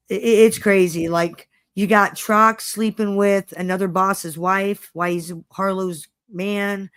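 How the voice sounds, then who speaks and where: A woman's voice: on the low side, clear, resonant tone, no room sound, studio quality. A woman co-hosting a casual chat, swearing freely and telling stories with lots of energy. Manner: profane, animated storytelling. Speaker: co-host.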